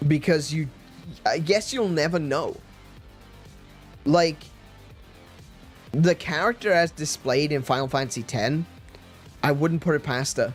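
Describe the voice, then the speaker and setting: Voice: medium pitch, measured pace, pauses often, soft background music. A stream host chatting casually, often restarting sentences and laughing.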